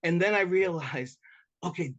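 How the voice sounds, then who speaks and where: Mediator guy on a podcast, kinda high voice, super chatty, lots of "and, and" restarts. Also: moderate pace, highs cut off. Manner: self-described talker, animated and chatty; frequent restarts and repeated words. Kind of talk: conversational interview storytelling.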